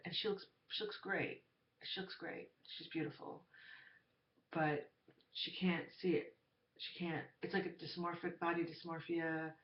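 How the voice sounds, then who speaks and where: A woman's voice: sits low, a little hiss or hum. A woman telling a story in a casual monologue, rambling and hesitant, full of fillers. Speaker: vlogger. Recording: roomy, dull lo-fi recording.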